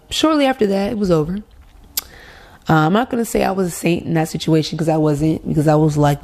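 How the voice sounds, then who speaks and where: A woman hosting her own show, telling a dating story in a candid, animated way and swearing freely. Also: low voice, normal speed, creaky. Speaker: podcast host. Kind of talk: casual storytelling. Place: Los Angeles.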